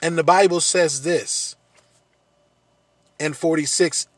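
A man's voice: on the high side, steady tone, slow, dry recording. A man preaching a sermon, earnest, repeating phrases and building to emphatic peaks.

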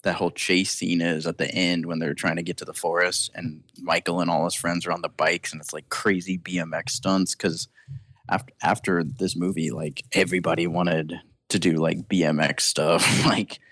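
A man chatting casually about a film on a podcast, upbeat and quick to chuckle. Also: low voice, level tone, a bit bright, dry recording. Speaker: podcast co-host.

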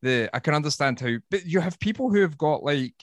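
A Scottish man, a woodworker guest on a podcast, telling stories in a casual, sweary, animated way. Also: fairly high pitch, fairly quick, no room sound. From Scotland. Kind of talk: casual chat.

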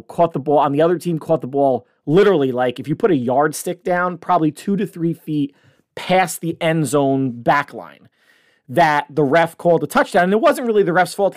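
Blunt, animated man ranting. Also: a little high, no room sound, clean studio sound. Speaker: podcast host. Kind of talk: casual monologue.

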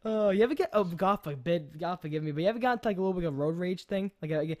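A woman hosting a casual podcast who tells stories in an animated way and swears a lot. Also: on the low side, racing. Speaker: podcast host. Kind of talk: casual chat.

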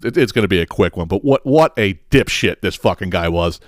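A man hosting his own podcast, telling a story in a casual, profane and animated way, acting out the quotes. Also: sits low, a little fast, no echo, studio quality. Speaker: podcast host.

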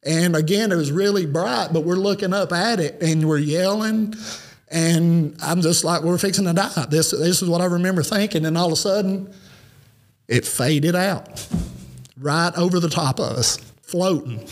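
A man's voice: on the high side, moderate pace. A man, telling a personal story as a podcast guest in a rambling, earnest way. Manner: rambling, earnest, lots of "you know" fillers. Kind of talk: casual storytelling.

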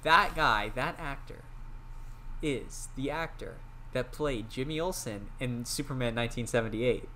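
A man's voice: mid-range voice, a little slow, bright, forceful tone, a little hiss or hum. A young man co-hosting a podcast, talking casually and animatedly about a film, sharing trivia and acting out mock quotes. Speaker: podcast co-host. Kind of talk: casual movie discussion.

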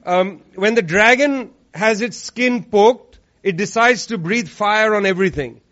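A man's voice: high-pitched, a little slow, a bit bright. A man giving a political speech to a live audience in a room, sarcastic and emphatic, repeating lines for effect. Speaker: speaker at an activist event. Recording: dull lo-fi recording.

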